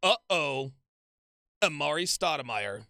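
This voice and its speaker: A man giving casual, profane reaction commentary on a dating show, animated and repetitive. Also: on the high side, slow pace, vocal fry, no echo. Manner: animated, profane, repeats himself.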